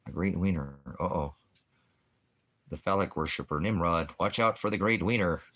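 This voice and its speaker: A man with a deep, low voice rants on a livestream, hurling profane insults at people in his chat. He mocks them with crude jokes, then cuts into talk about scripture. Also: normal speed, fairly bright tone. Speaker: livestream ministry host. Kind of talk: livestream rant answering chat.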